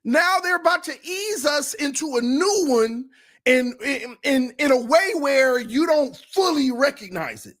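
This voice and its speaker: High-voiced man ranting on a fan livestream. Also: a little slow. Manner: emotional, animated and confessional; casual, repeats himself for emphasis. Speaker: sports fan show host.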